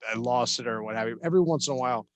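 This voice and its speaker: A South Jersey man, an investor and attorney appearing as an interview guest, talks casually in a racing, mid-range voice. He's relaxed, restarts often, uses lots of fillers, and chuckles easily.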